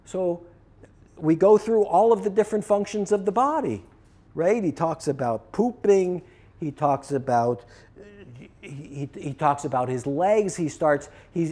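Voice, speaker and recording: A man's voice: on the high side, dark tone. A man teaching process work, telling a story as a lecture and acting out both sides of the dialogue.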